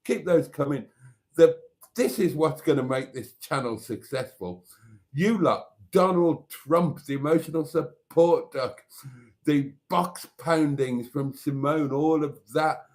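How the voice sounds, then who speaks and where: A man's voice: fairly high pitch, slow pace, a little mellow. Giggly, delighted male stream host. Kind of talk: casual live stream chat.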